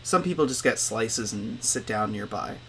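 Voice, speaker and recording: A young man narrating a tabletop role-playing game as game master, in a relaxed, chatty way. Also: fairly low pitch, moderate pace, a little hiss or hum.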